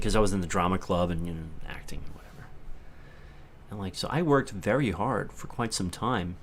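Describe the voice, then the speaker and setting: A man's voice: sits low, fairly quick, a little hiss or hum. A middle-aged man from New York with a New York accent, rambling casually on a livestream and talking to chat viewers by name. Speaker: livestream host.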